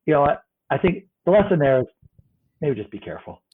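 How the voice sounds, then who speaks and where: A man co-hosting a podcast in casual chat, animated, laughing and swearing often. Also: on the high side, fast, slightly rough. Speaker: podcast co-host. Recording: tinny phone-like line.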